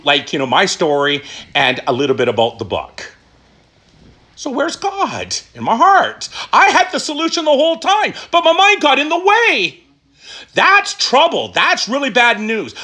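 A middle-aged man telling his recovery story, emphatic and animated, asking questions and answering them himself. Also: sits high. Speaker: recovery speaker. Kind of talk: personal testimony talk.

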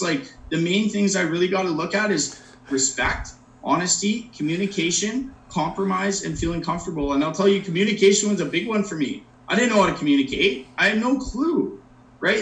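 An earnest man gives a personal recovery talk, keeps checking in with his listeners, and speaks with a slightly high voice. He sits some distance from the microphone. The room around him rings with a noticeable echo. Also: fairly bright tone. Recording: roomy echo, mic at a distance.

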